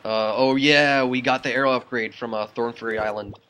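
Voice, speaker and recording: A man hosting a video game let's play, with rambling, excitable commentary and frequent laughter. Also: medium pitch, fairly quick, clean tone, poor audio. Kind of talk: casual gameplay commentary.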